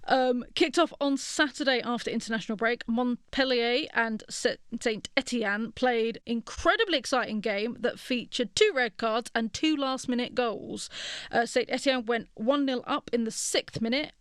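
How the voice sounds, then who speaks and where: A woman's voice: on the high side, moderate pace, smooth, no echo. A woman co-hosting a sports podcast, giving frank, wry opinions in casual chat. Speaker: podcast co-host.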